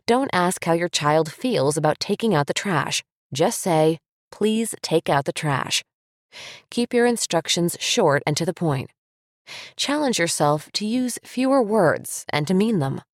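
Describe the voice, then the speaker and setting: A mother narrating a parenting book in a steady, firm, instructive way. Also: fairly low pitch, measured pace, no echo, studio quality.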